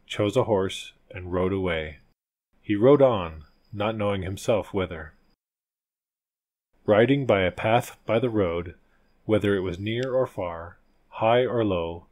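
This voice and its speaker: A man narrating an old fairy tale for an audiobook in a measured, old-fashioned storytelling manner. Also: fairly low pitch, a little mellow.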